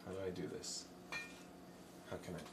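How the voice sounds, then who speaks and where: A man's voice: moderate pace, distant mic. A man chatting casually on a live stream while he paints, rambling, joking and talking both to his chat and to himself. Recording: voice from off the mic, faint room noise.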